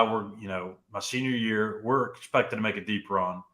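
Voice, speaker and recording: Bright-voiced young man telling a story. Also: on the low side, normal speed, few pauses, reverberant. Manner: storytelling, animated, says "dude" and "like" often. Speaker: podcast co-host. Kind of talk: casual sports talk.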